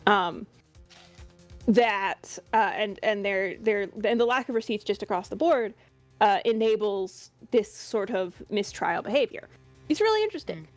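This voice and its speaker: A woman talking eagerly and at length in a casual stream, circling back and restarting her points. Her pitch is mid-range, with faint music under her voice. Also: lively intonation, measured pace. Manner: enthusiastic, rambling nerdy explanation. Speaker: regular cast member. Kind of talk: casual chat.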